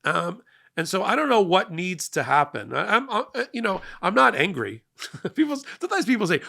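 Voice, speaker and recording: A man's voice: high-pitched, normal speed, vocal fry. A middle-aged man delivering a passionate, emphatic political monologue as host of a commentary show. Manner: emphatic, energetic, rising to loud peaks.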